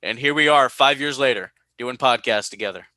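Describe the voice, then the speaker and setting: Young man, podcast host, bright forceful voice, animated storytelling, dry close sound. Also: fairly quick, no room sound. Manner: animated storytelling, high-pitched quoted voices. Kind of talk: casual podcast chat.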